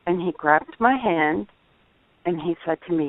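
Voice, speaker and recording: A middle-aged woman calling in, telling a personal testimony in an earnest, halting way, over the phone. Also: lowish voice, lively intonation, no room sound. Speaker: caller. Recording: tinny dry phone line.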